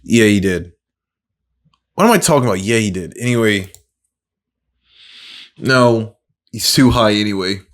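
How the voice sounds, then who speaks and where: Casual male creator, lowish voice, self-mocking play-by-play of his own guesses. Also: a little slow, pauses often. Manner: thinks aloud, self-mocking, excitable exclamations. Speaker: gaming creator. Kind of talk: casual gameplay commentary.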